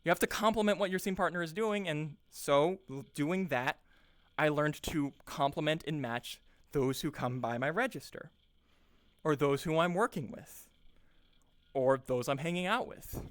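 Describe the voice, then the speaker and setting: This young improv teacher's voice runs high-ish and fairly bright at a normal speed, with no room sound. He talks casually and earnestly in a rambling way, full of restarts and words repeated while he searches.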